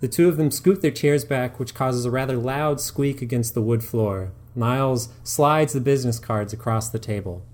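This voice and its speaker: A man's voice: medium pitch, a little mellow. Man reading scripted story narration. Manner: measured, descriptive reading. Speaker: storyteller and writer.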